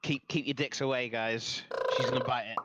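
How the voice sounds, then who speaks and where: A man's voice: mid-range voice, fairly even intonation, moderate pace, heavy background noise. A man in casual chat on a call, easygoing, laughing a lot and groping for words. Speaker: streamer guest.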